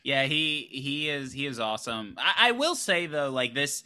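Very bright, lively man. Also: mid-range voice, moderate pace. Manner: short eager reactions. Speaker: podcast co-host. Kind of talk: casual movie discussion.

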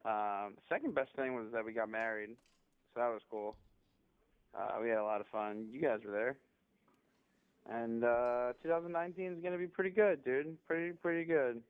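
A man's voice: medium pitch, normal speed, smooth, no room sound. Twentysomething man on a tinny voice memo. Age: 20s. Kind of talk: reflective voice memo.

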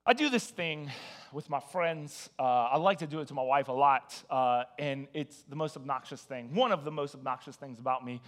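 A man preaching a casual, conversational sermon, animated and joking as he tells the story. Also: medium pitch, normal speed. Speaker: pastor.

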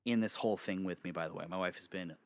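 A young man in his bedroom telling a story for his vlog, animated and swearing freely. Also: low-pitched, fast, no echo. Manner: animated, swearing, breaks into laughter. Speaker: vlogger.

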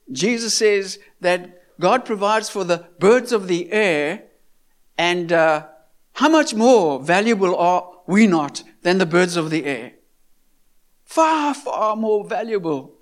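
A man's voice: high voice, a bit bright. A man delivers a sermon. He speaks earnestly, circles back to repeat his points, and throws rhetorical questions at his listeners. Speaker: preacher.

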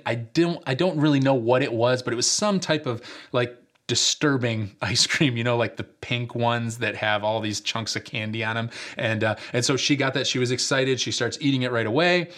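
A pastor from upstate New York delivers a sermon in a mid-pitched voice. He talks like he is telling a story to friends, pausing on frequent fillers. He drives his point home by repeating rhetorical questions. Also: a bit bright.

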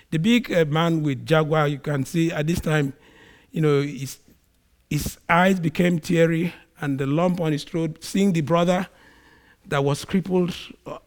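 A man preaching a sermon, acting out quoted speech with big swings in volume and pitch. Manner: acts out quoted speech in a raised voice. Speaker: pastor.

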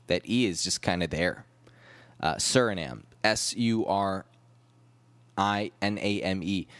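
A man's voice: fairly low pitch, no room sound. A man hosting a comedic solo podcast, rambling through wry, self-deprecating asides. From United States. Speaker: podcast host.

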